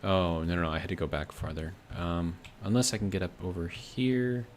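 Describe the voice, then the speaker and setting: An American man with a deep, fairly even voice plays a video game on stream at normal speed, rambling casually, reading chat, and leaning heavily on fillers as he thinks aloud. The audio has a slight hiss or hum.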